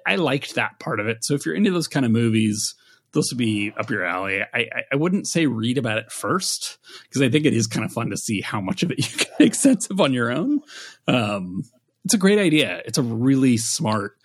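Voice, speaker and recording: A man with a slightly husky, breathy voice chats casually as a podcast co-host. His pitch moves around a lot and he drifts into wry laughter often. The talk is loose and unscripted. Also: fairly bright tone. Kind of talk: casual review chat.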